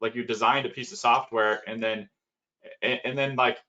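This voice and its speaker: A man's voice: medium pitch, fairly even intonation, moderate pace, bright, forceful tone. A male host on a video call asking a guest a long, rambling question full of fillers. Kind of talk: casual webinar talk. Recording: dull lo-fi call audio.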